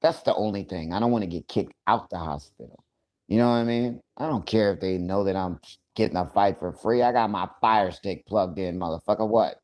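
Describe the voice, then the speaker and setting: A man's voice: on the low side, fairly quick, darkish tone. A man hosting a casual livestream, talking loosely and profanely, joking, and greeting viewers by name. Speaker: livestream host.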